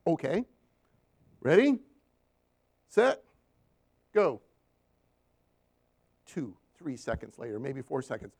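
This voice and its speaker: A man's voice: medium pitch, takes it slowly, gravelly, long pauses. A man preaching a sermon, telling stories from his counseling work and asking the congregation for amens. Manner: animated storytelling with call-and-response amens.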